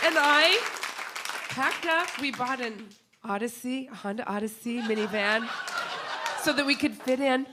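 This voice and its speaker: A woman telling a funny personal story on stage to an audience. She talks in an animated way, laughs often, and acts out the people she quotes. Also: high-pitched, moderate pace, a loud crowd, heavy background noise. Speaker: comedian and show host. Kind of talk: live comic storytelling to an audience.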